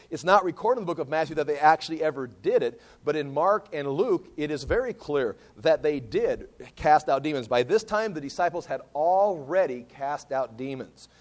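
Man preaching through scripture, a bit high. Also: a little mellow. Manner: conversational, repeats words while thinking aloud, reads scripture aloud. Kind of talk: Bible teaching sermon.

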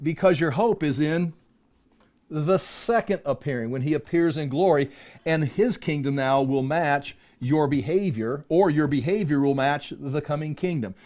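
Man, pastor teaching scripture, slightly high-pitched, conversational, stumbles and repeats, swells to emphatic bursts. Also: a little mellow. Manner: repeats and restarts words, rising to emphatic peaks. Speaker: pastor teaching a Bible passage. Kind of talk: conversational Bible-teaching sermon.

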